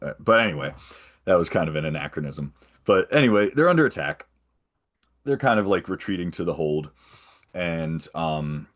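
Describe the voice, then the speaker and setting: A man guesting on a podcast, casually retelling a film's plot in a rambling way and often tagging on "right?". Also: low-pitched. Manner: rambling, checks in with frequent "right?". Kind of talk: casual film recap.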